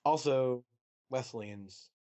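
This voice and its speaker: A young man co-hosting a casual podcast, chatty and animated, with mocking asides. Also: mid-range voice, drawn-out words. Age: young adult. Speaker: podcast co-host. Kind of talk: casual chat.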